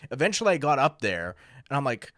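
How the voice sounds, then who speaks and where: A man co-hosting a podcast in casual chat, a laid-back, lively storyteller who swears casually. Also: medium pitch, fast talker, no room sound, clean studio sound. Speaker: podcast co-host.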